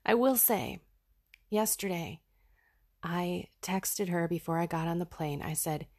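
A woman's voice: on the low side, unhurried, a little mellow. A woman hosting a podcast, sharing a raw personal reflection in an earnest, heartfelt way. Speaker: podcast host.

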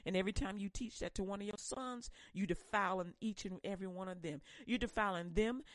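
A woman preacher delivering a fiery sermon, swinging between loud pushes and hushed warnings. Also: medium pitch, a little fast, dry recording.

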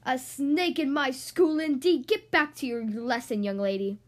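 A woman voicing a bossy female headmistress who hates animals, booming her words slow and clipped. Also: very animated, exaggerated voice. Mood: furious.

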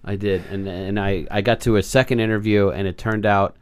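Podcast host, man, middle-aged, lowish voice, crude jokey rambler, dry close sound. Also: fairly even intonation, fairly quick, smooth, no echo. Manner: crude, joking, rambling with restarts. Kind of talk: casual comedic chat.

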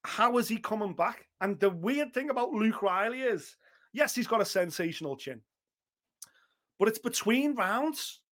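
A man co-hosting a fight podcast, talking in an excitable, gushing way and swearing freely. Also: high voice, moderate pace. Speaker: podcast co-host. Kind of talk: casual MMA chat.

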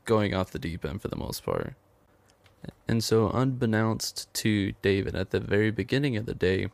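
A man's voice: on the low side, gravelly, dry recording. A man casually retelling a film's plot in a rambling way, quoting the characters as he goes. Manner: rambling storytelling, quotes characters with "he's like". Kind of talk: casual film plot recap.

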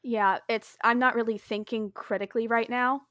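A woman with a New Jersey accent playing a tabletop game, animated and easily exasperated. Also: a little high, normal speed, no room sound, studio quality. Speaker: player. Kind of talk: tabletop role-play chat.

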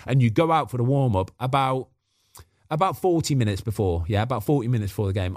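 Animated, chatty man telling stories. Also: mid-range voice, no room sound, studio quality. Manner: animated, acts out quotes, chatty. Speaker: podcast guest, former goalkeeper. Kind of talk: casual storytelling.

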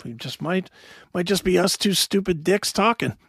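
A male podcast host chatting casually, hoarse and joking, with a profane, laughing manner. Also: high-pitched, lively intonation, normal speed, fairly bright tone, dry recording, clean studio sound. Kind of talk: casual chat.

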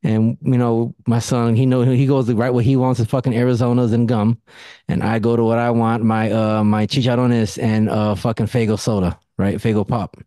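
A man's voice: medium pitch, level tone, moderate pace, mellow, no echo, clean studio sound. A man hosting a casual podcast conversation, telling blunt stories and swearing freely. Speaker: podcast host.

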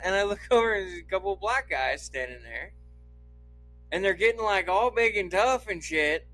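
A man's voice: high voice, expressive, normal speed, sharp tone, soft background music, low-quality recording. A man from Idaho telling a long story on a podcast, swearing often and laughing as he goes. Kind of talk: casual anecdote telling.

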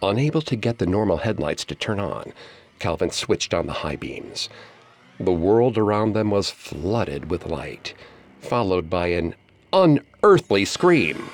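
A man reading a horror story aloud in a measured, suspenseful way. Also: deep voice. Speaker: narrator. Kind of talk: scripted horror story narration.

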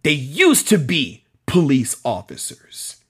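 Host, male, husky voice with a lively rise and fall, live-stream commentary, talks to commenters by name. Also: medium pitch, slow pace. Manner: conversational, repeats phrases for emphasis, addresses commenters by name. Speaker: host of a policing talk show.

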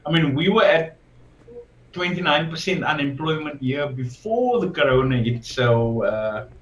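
Slow-speaking South African man on a call. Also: on the high side, animated, a bit bright, reverberant, slight background noise, low-quality recording. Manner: slow, hesitant, with fillers. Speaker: guest comic creator. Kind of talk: remote interview.

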